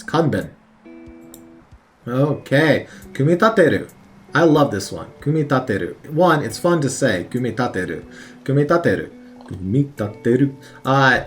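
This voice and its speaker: A man thinking aloud as he studies vocabulary, repeating words over and over with many fillers, at his work computer on a lunch break. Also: medium pitch. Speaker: language learner studying on video. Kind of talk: casual study commentary.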